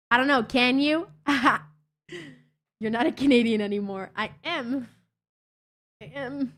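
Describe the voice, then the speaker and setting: A woman's voice: on the high side, measured pace, pauses often, fairly bright tone. A woman livestreaming and chatting with her viewers in a playful, teasing way, swearing freely. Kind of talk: casual chat.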